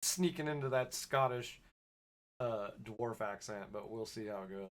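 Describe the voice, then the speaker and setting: Hosting a podcast, a man chats casually with a live audience, then reads a short story aloud in his own plain voice. He speaks at a measured pace in a fairly low register, with a slightly scratchy throat.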